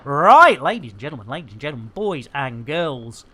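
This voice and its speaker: A man hosts a live game stream, rambling along with bawdy, theatrical jokes. His voice is bright, and his pitch swings up and down a lot. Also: very animated, moderate pace. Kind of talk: cheeky live-stream chat.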